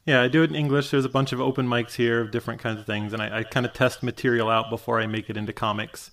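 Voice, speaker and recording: A man guesting on a podcast, talking in a relaxed, self-deprecating and joking way. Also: medium pitch, fast talker. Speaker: guest, cartoonist. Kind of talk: casual interview chat.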